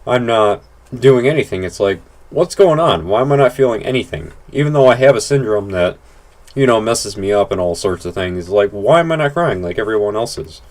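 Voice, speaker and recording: A man's voice: lowish voice, animated, brisk, a little mellow. A man talking through casual gameplay commentary, rambling and blunt, with lots of "like" and restarts and some casual swearing. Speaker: gaming channel host.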